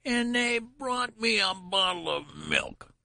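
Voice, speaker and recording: A man's voice: huge pitch swings, slow, creaky, pushed and bright, no room sound, studio quality, heavily acted. A man voicing a querulous, very old man with a cracked, whining voice in an audiobook. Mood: shrill complaint. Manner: complaining, rising to shrill protest. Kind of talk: audiobook character voice.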